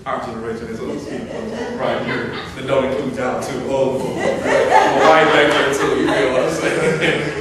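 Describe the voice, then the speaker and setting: A middle-aged male pastor preaching a sermon, swinging from hushed talk to loud, playful scolding. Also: medium pitch, normal speed, few pauses, crowd noise. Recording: very echoey hall, far-off mic, faint hiss.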